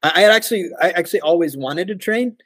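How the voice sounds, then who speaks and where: An American man in his forties, a podcast guest telling lively stories, laughing often and mimicking voices. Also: sits high, quick pace, dry recording. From United States. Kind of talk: casual storytelling interview.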